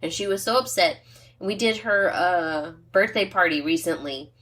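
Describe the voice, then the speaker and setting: A woman's voice: on the low side, normal speed, a bit bright. A middle-aged woman co-hosting a podcast, chatting casually over wine, rambling off on tangents and laughing at her own jokes. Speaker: podcast co-host.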